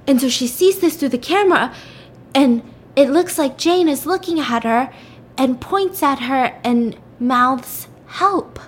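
A woman casually retelling a story, chatty, with lots of "like" and "you know". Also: sits high.

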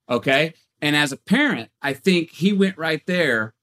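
A man who is a guest on a podcast, talking in a casual, animated storytelling way with frequent restarts and repeated words. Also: fairly high pitch, moderate pace, few pauses.

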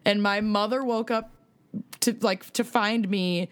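A woman co-hosting a podcast, telling a story in casual chat with dry, deadpan humor. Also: mid-range voice, a little slow. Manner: dry, deadpan jokes, laughs as she tells it. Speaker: podcast co-host.

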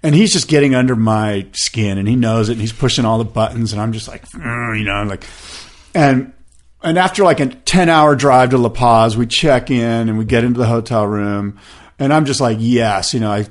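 In a casual storytelling interview, a podcast guest in his fifties rambles through a long tale, heavy on fillers. He speaks in a mid-range voice at a moderate pace and acts out the voices of people he quotes.

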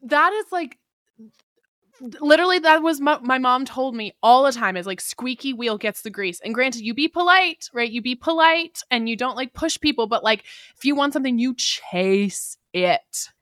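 Bright, high-voiced enthusiastic woman host. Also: expressive, normal speed, no room sound, clean studio sound. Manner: enthusiastic, swears casually. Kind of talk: casual chat.

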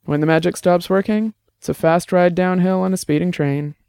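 A man voicing a rapidly aging, gruff old former bruiser who talks bluntly and wryly. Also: sits high, fairly even intonation, warm tone, no room sound, clean studio sound, pitched above the performer's own voice. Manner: blunt, salty, wry.

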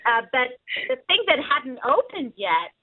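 A woman's voice: high voice, very animated, unhurried, a crowd in the background. Chatty woman guest on a tinny phone line. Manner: chatty, laughs often, many "like" fillers. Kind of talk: casual chat. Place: at home in the UK.

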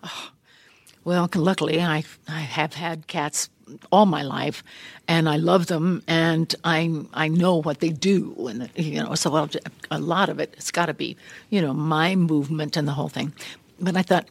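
An older woman, a guest in a large studio room, tells stories in a casual interview, her deep, breathy voice a little worn and unhurried. She's animated and laughs often, acting out lines she remembers. The recording has no echo.

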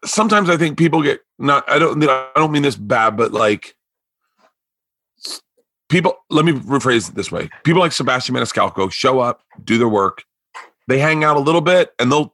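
A Florida man hosts a podcast, telling stories in casual chat and animatedly acting out the voices of the people he quotes. His voice is medium-pitched, with no room sound.

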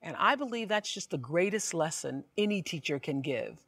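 A woman speaking in earnest, measured scripted narration about a mentor. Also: on the low side, animated, fairly bright tone, breathy edge, no echo. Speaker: admirer giving testimony.

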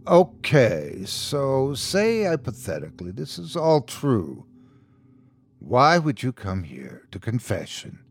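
A man's voice: mid-range voice, wildly swooping pitch, slow pace, slightly rough, exaggerated voice. A man voicing a frightened priest who whispers unsteadily while hearing a strange confession. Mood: wary. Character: shaken, scared male priest hearing confession.

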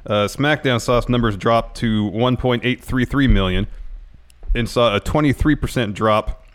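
A man's voice: medium pitch, measured pace. A man co-hosting a casual wrestling podcast, chiming in with dry, blunt remarks. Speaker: podcast co-host. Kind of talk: casual wrestling news chat.

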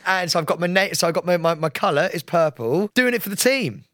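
A man, co-hosting a casual chat podcast and often breaking into excited yelps and laughter. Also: high voice, fast talker, few pauses, no echo, clean studio sound. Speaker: podcast co-host.

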